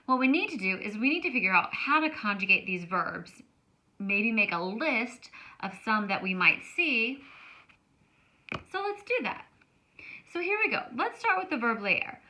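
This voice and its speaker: A woman teaching a Spanish grammar lesson, explaining slowly and stretching words out to show how they sound. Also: on the high side, expressive, bright, forceful tone.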